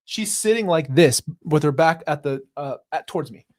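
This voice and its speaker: A man's voice: on the high side, expressive, normal speed, a little mellow. A young adult man hosting his own show, talking candidly and emphatically through a personal story, with plenty of "like" and restarts, into a handheld mic. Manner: emphatic, conversational, with filler "like" and restarts. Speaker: host.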